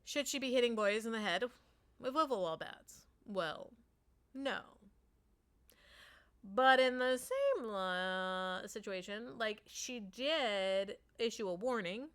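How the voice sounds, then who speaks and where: A woman's voice: on the high side, very animated, slow, fairly bright tone, clear, resonant tone. A woman telling a parenting story in a casual monologue, with lots of "like" fillers, acting out what people said. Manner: chatty, acts out quotes, many "like" fillers.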